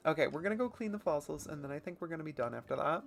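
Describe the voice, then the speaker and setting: A woman's voice: sits low, lively intonation, racing, gravelly, soft background music. A woman streaming a game, chatting casually in a rambling, self-deprecating way and swearing now and then. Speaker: let's play streamer. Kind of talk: casual gameplay commentary.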